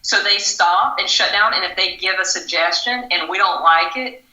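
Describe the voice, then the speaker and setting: A woman coach speaks in a measured, advisory way on a podcast. Her voice is low-pitched but very bright and forceful. The room around her rings with a noticeable echo. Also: muffled recording. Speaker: relationship coach. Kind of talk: podcast discussion. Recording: roomy echo.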